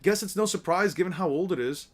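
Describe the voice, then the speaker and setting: A man's voice: high-pitched, animated, fast. A man reading the lines of a young female witch cadet stuck doing deliveries, in a complaining, put-upon way. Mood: grumbling.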